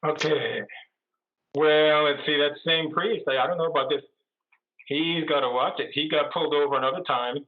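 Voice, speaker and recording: A man's voice: a little high, fairly even intonation, moderate pace. A male priest telling jokes and chatting playfully as a guest on a video call. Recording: tinny echoey video call.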